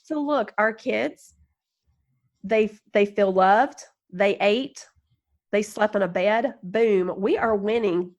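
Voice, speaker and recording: A woman guest on a podcast interview, telling self-mocking stories in an animated, encouraging way and laughing as she goes. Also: medium pitch, takes it slowly, dull audio. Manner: encouraging, upbeat. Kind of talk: casual storytelling interview.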